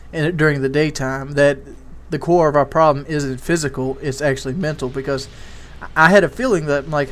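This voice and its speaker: A man doing a casual, rambling commentary, telling a candid parenting story with many restarts. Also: fairly high pitch. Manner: rambling, repeats words and restarts. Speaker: YouTube commentator.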